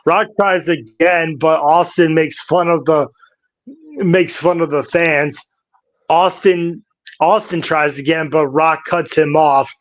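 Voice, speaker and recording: Slow-talking man recapping wrestling. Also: on the high side, steady tone, dry recording. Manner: slow, halting recap with restarts. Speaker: podcast co-host.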